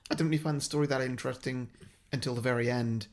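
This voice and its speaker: Brisk man with blunt opinions. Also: medium pitch, fairly even intonation. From Wales. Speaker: podcast co-host. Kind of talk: casual film review chat.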